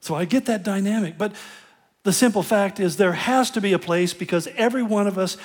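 Middle-aged man preaching; easygoing, self-deprecating pastor who laughs at himself, voice sitting a bit high. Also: brisk. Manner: conversational and self-deprecating, with frequent chuckles. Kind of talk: sermon.

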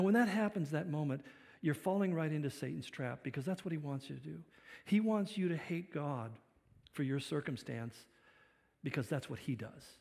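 Male pastor, somewhat high voice, dynamic sermon delivery with loud-soft swings, long hall reverb. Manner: dynamic preaching, swinging between loud emphasis and quiet reflection.

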